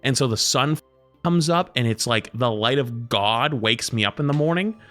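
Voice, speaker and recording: A man streaming live, chatting casually with his viewers and telling stories in an animated way, jumping into other people's voices. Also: medium pitch, moderate pace, soft background music.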